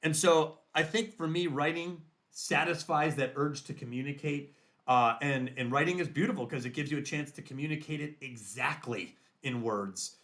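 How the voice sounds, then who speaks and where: A man with a fairly high speaking voice talks through his thoughts as a podcast guest. He is reflective and explains his process carefully, often thinking aloud mid-sentence. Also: normal speed, fairly bright tone. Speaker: guest author. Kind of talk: podcast interview.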